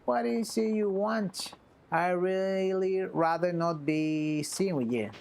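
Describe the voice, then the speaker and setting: A blunt game brawler who mocks and ribs with quick, slangy impatience, as a woman streamer reads his lines. The delivery stays close to an everyday speaking voice, a touch low. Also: darkish tone. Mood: mocking. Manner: sarcastic, impatient, casual slang. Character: blunt, mocking man, a brawler. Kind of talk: reading game dialogue aloud.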